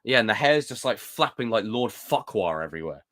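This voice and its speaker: A young British man hosting a casual live stream, reading viewer comments and reacting in a jokey, animated way. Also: fairly low pitch, brisk. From United Kingdom. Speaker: livestream host.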